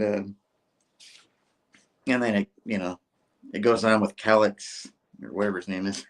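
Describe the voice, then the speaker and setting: A man's voice: fairly low pitch, steady tone, normal speed, long pauses. A man hosting a comic book review show. He recaps an issue in a rambling, casual way, full of filler words. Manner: rambling, with filler words and mock character voices.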